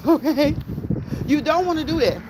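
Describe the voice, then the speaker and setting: A woman's voice: high-pitched, measured pace, creaky. A woman chatting casually with viewers on a live-streamed walk outdoors. She talks in a folksy way into her phone mic. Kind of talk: casual chat while walking outdoors, reading chat aloud. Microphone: phone microphone. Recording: phone mic with loud wind noise. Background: strong wind blowing into the mic.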